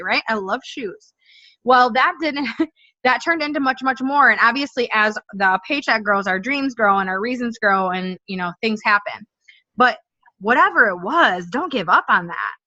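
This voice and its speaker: Bright-voiced woman giving a pep talk. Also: on the high side, moderate pace, no echo. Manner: upbeat, direct, pep-talk delivery. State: stuffy from allergies. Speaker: network marketing team leader. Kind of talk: motivational talk to a sales team. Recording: dull, dry lo-fi recording.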